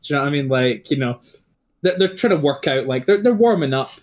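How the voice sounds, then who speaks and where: A man's voice: fairly high pitch, animated, quick pace. A man narrating a tabletop game as game master, rambling with many fillers and restarts.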